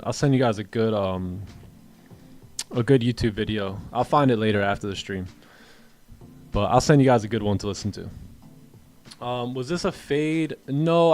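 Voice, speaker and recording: A man's voice: medium pitch, darkish tone. A man hosting a live trading stream, answering chat questions in a rambling, casual way and often repeating words. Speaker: trading livestream host.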